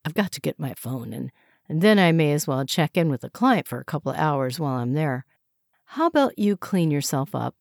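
A woman's voice: sits low, very animated, a little fast, gravelly, a little mellow, no echo, studio quality, full character voice. A woman reading a story, voicing a smug husband who offhandedly mocks his hungover wife. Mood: breezy.

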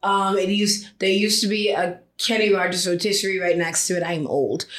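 A woman's voice: mid-range voice, steady tone, moderate pace. Chatty teasing woman in a roomy echo. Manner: teasing, chatty, laughs often. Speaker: podcast co-host. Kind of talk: casual chat. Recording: roomy echo with faint noise.

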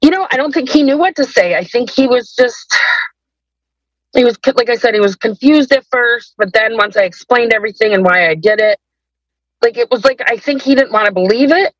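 A woman's voice: fairly high pitch, animated, fairly quick, no echo, poor audio. A woman telling her personal story as a guest in a podcast interview, hesitant and rambling, with many restarts.

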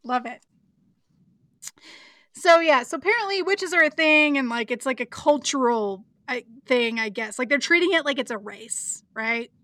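A woman's voice: sits high, animated, normal speed, pushed and bright, dry recording. A woman co-hosting a podcast, chatting casually through an episode recap with plenty of likes, ums and giggles. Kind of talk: casual chat.

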